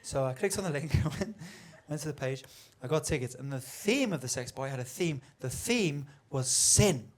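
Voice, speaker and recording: A man's voice: on the high side, animated, moderate pace, hardly any pauses. A young man performing a stand-up comedy set, telling a story and acting out the voices of the people in it. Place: comedy venue on stage.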